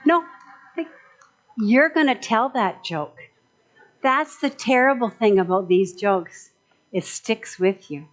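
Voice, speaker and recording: A woman's voice: on the high side, animated, slow pace, long pauses, low-quality recording. A woman minister giving a chatty, joking sermon in a conversational way.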